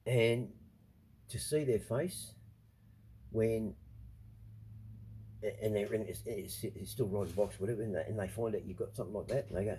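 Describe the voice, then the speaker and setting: A man vlogs to camera in a fairly low, warm voice at normal speed, pausing often as he rambles through a personal monologue. He swears frequently and emphatically repeats himself while defending his feelings, sounding restless, defensive, and confiding, with slight background noise.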